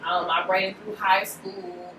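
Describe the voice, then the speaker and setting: A woman's voice: medium pitch, slow pace. Bay woman telling a story on a podcast, acts out what people said, mic kinda far off, room noise. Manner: animated, full of "like", acts out quoted lines. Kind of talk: casual storytelling chat. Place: room in a shop with co-hosts. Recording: roomy, distant mic, noisy background.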